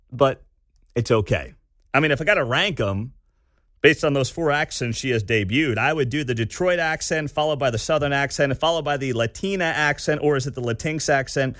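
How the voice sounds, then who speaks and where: A man hosting a talk radio show, giving animated, sarcastic commentary from a studio. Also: on the high side, moderate pace, no room sound.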